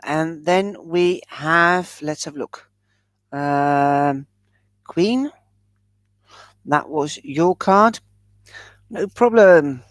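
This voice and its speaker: A woman's voice: on the low side, no echo. A woman giving a chatty live-stream tarot reading, calling viewers by pet names. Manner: chatty, showers viewers with endearments. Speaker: tarot reader.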